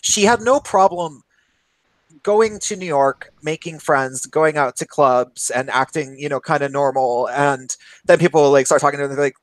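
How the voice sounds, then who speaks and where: A man's voice: a little high, normal speed, no room sound, rough recording. A man co-hosting a podcast, telling a rambling, laughing, swearing story in casual chat. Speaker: podcast co-host.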